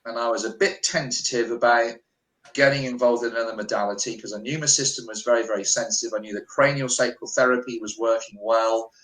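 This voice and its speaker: A man's voice: mid-range voice, fast talker. A British man, a healer, telling a personal story on a remote call and acting out the dialogue. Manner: animated, acts out quoted dialogue. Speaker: guest healer. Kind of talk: storytelling interview. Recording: echoey room on a call.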